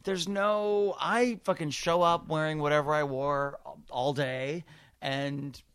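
A man who is a comedian hosting a podcast, telling stories in a campy, profane, animated way. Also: a little high, takes it slowly, clear, resonant tone, dry recording. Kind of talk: casual storytelling chat.

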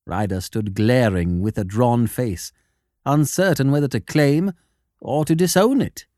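A man reading a classic story aloud as a narrator, with expressive storytelling. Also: mid-range voice, measured pace, no echo, studio quality. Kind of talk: scripted narration.

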